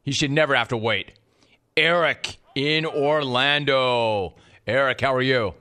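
A man hosting sports talk radio, taking calls with a sarcastic, rapid-fire manner. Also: mid-range voice, sharp tone. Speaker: radio show host.

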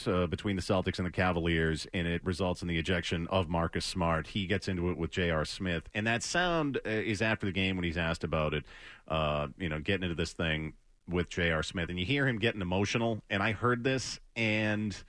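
A man's voice: low-pitched, fairly bright tone, no room sound, studio quality. A man hosting a sports talk radio show, speaking earnestly and rambling with many hesitations.

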